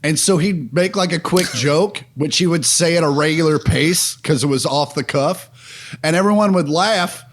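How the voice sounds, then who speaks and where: Man, podcast co-host, casual chat, slightly high voice. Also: normal speed. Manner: laid-back storyteller, swears.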